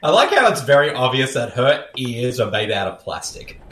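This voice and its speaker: A man's voice: mid-range voice, sing-song, moderate pace, fairly bright tone. A man co-hosting a podcast, joking and laughing while reacting to a movie. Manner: jokey, laughing. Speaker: podcast co-host. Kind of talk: casual movie-watching chat. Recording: roomy sound with faint music.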